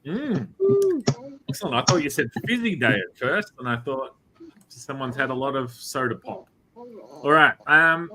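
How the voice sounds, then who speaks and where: Joking Australian host, man, bright and lively edge. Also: on the high side, low-quality recording. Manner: jokey, teasing, playful. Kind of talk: casual online show chat.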